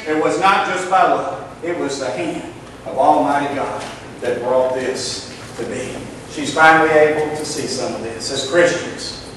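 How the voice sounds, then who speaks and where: High-voiced man preaching in echoing church. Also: distant mic, slight background noise. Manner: preaching with rhetorical questions, dropping low and quiet at line ends. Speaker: pastor. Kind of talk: sermon. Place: church sanctuary.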